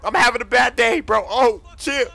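A young man in excitable, slangy game role-play commentary with loud outbursts. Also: extremely high pitch, normal speed, vocal fry. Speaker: gaming YouTuber.

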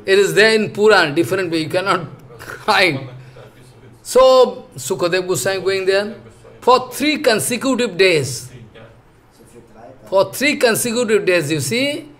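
A spiritual teacher with a high-pitched, slightly bright voice delivers a scripture lecture. He's animated but halting, using many fillers and restarting phrases while searching for words, with an earnest, explanatory tone throughout.

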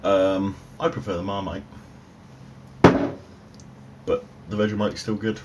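A man's voice: sits low, flat delivery, slow. A man doing a casual food review vlog at home in a dry, offhand, self-mocking way, recorded on an overhead phone. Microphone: overhead phone camera. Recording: faint room noise, phone audio.

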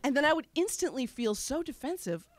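High, lively woman telling a story. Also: fairly quick, no echo. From Wisconsin, USA. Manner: candid, conversational, self-mocking. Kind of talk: live personal storytelling. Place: stage at a live storytelling show.

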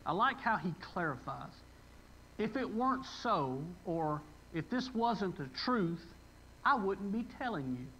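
A middle-aged man from preaches, high-pitched and bright-toned. He talks to the congregation in a folksy, emotional way and breaks into sudden louder bursts of emphasis. A faint hum of the room sits behind him. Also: sing-song, a little slow, low-quality recording. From West Tennessee. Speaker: pastor. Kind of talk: conversational sermon. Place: church sanctuary.

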